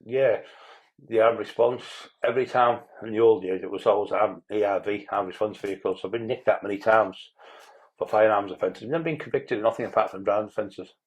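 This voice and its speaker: A man's voice: lowish voice, brisk, highs cut off. A man, a podcast guest telling rambling stories in a blunt way and swearing freely. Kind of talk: casual interview storytelling.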